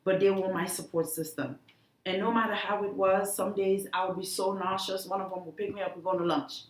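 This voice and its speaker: A woman being interviewed, talking earnestly and haltingly, with many restarts. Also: medium pitch, steady tone. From The Gambia. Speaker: guest, cancer survivor. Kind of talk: emotional interview talk. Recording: echoey room.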